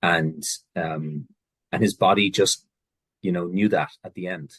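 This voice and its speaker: Irish man, host, reflective, soft-spoken, deep voice, dry recording. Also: fairly even intonation, a little slow, slightly rough, dry recording. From Ireland. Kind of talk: reflective conversation.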